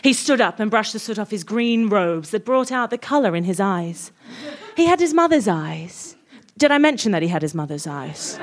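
Woman reader for a spoof story, giggly and playful, high voice. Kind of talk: comic reading of a parody story.

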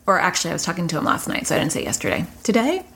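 A middle-aged woman giving casual advice on her own channel. She tells stories in a lively way, and her pitch leaps whenever she quotes her son or herself. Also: racing, gravelly. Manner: animated storytelling, pitch leaps when quoting others. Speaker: parenting and anxiety educator on her own channel. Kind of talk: casual advice monologue to camera.

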